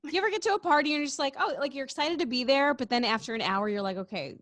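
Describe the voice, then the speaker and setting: A woman co-hosting a podcast, animated and quippy in casual chat. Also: sits high, rapid-fire, no echo, studio quality. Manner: animated, quips and mock quotes. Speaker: podcast co-host.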